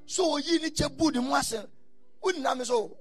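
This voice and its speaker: A man preaching a sermon, telling stories and breaking into shouted bursts. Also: extremely high pitch, moderate pace, soft background music. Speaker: pastor.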